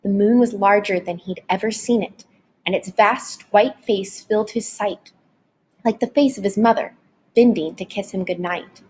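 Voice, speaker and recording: A woman narrating a novel chapter aloud in a dramatic, expressive audiobook reading. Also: medium pitch, moderate pace, husky. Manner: dramatic, varied storytelling delivery.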